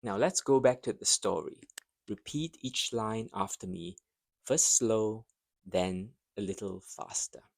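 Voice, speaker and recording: A man teaching English pronunciation, speaking deliberately and saying each model phrase twice for the listener to repeat. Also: fairly low pitch, creaky, dry recording, studio quality. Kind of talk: pronunciation lesson.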